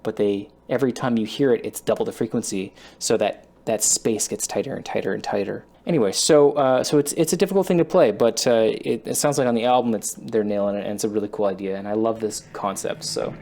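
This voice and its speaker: A man's voice: on the low side, fairly quick, hardly any pauses, a little mellow. A man thinking aloud while he learns a guitar part, rambling and poking fun at himself as he plays. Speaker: guitarist learning a song on camera. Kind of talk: casual self-taught guitar lesson. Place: home studio with a loud computer. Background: his own guitar playing.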